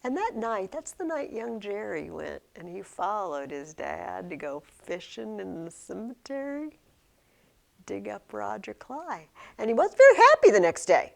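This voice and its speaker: Animated gravelly woman teaching a class. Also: medium pitch, unhurried. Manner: animated, asks questions, acts out quotes. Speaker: high school English teacher. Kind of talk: classroom literature discussion.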